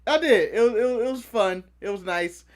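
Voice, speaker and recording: A man's voice: sits high, animated, a little fast. A man co-hosting a casual wrestling recap podcast, joking, swearing and briefly mimicking wrestlers. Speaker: podcast co-host.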